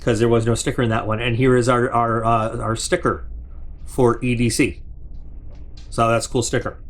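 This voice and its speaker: A man's voice: mid-range voice, flat delivery, normal speed. A man hosting a casual unboxing review, rambling and chatty, with plenty of restarts and side remarks, talking straight to his viewers. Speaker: product reviewer and channel host.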